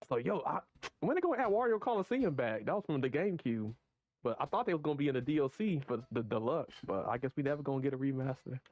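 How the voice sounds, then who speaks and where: A man co-hosting a casual gaming podcast, excitedly reading out race tracks and laughing along. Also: mid-range voice, fast, dull audio. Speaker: podcast co-host.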